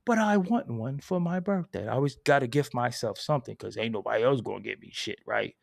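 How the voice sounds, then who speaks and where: A man from Brooklyn with a New York accent, hosting a casual commentary monologue, telling stories in an animated, profane, streetwise way. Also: mid-range voice, brisk, vocal fry, no room sound, clean studio sound. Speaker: channel host. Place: at home at his computer.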